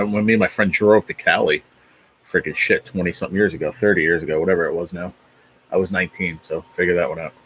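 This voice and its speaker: A man's voice: deep voice, a bit bright, breathy edge, rough recording. A man in his forties from New Jersey, hosting a rambling, profane livestream chat with viewers. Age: 40s. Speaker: livestream host. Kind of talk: casual chat reading viewer comments.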